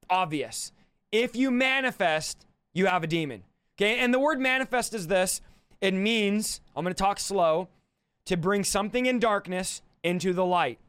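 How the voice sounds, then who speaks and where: A man's voice: fairly bright tone, smooth, dry recording. A man preaching a livestreamed sermon as a deliverance minister, emphatic and addressing his audience directly. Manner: emphatic, rising in pitch and force on key points; talks to the audience directly, checking they follow.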